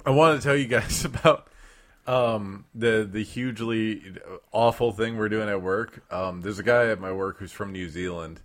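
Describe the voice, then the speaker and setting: A man's voice: lowish voice, moderate pace. A man co-hosting a casual comedy podcast, sarcastic and profane, laughing often. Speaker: podcast co-host.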